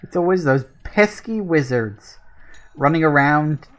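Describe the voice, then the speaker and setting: A man's voice: fairly high pitch, lively intonation, a little slow. A man giving casual, wry commentary while playing a horror game and reading on-screen text aloud. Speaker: let's-play gamer.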